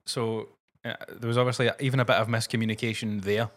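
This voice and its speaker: A man's voice: lowish voice, level tone, quick pace. Laid-back Scottish man, dry humour. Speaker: podcast co-host, musician. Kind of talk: casual chat.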